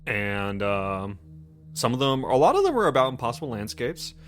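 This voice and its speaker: Male host, casual podcast chat, animated delivery. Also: mid-range voice, normal speed, faint music behind. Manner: animated, laughs often.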